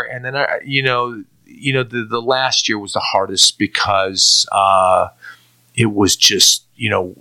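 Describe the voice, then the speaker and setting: A middle-aged man giving a personal faith testimony in an earnest, halting way, often restarting and repeating words. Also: fairly low pitch, bright, forceful tone. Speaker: testimony speaker.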